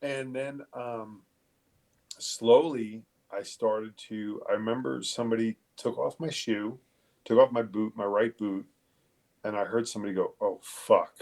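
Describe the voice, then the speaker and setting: A middle-aged man from Long Island, New York, a detective recounting what happened to him. He talks with a low, gravelly voice that falls into fry. He stops and restarts often and swears freely. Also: steady tone, darkish tone. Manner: halting, profane, with many fillers and restarts. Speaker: guest, police detective. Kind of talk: casual interview storytelling.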